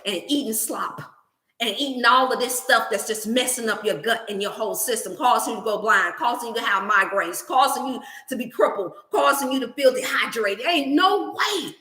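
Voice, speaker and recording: Sermon-style, this female wellness host urges viewers toward motivation and good eating, weaving scripture into an animated talk. Her voice is fairly high and bright, she speaks at normal speed, and the room echoes around her.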